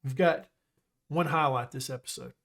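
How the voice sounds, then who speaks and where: A man casually commentating his own football management game, chatty and excitable, joking with his viewers. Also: medium pitch, normal speed, creaky. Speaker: gaming YouTuber.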